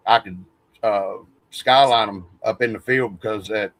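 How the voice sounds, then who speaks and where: A man's voice: on the low side, unhurried, fairly bright tone, dry recording, rough recording. A man, rambling through stories in a casual podcast chat and swearing freely. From West Virginia. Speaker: podcast host.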